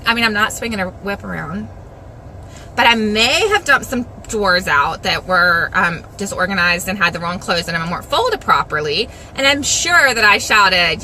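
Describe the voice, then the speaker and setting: A middle-aged woman talks casually to the camera in a very bright, fairly high voice. She is chatty and self-deprecating and keeps slipping in animated asides, over a faint hum of background noise. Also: rough recording. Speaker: Christian vlogger. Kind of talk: casual devotional talk to camera.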